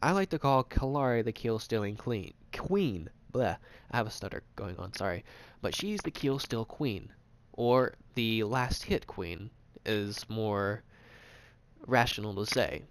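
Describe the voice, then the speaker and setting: A man's voice: lowish voice, lively intonation, clear, resonant tone. A man casually narrating a game tutorial, rambling and swearing, with frequent restarts. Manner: rambling, profane, fast talk with restarts. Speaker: gaming channel host.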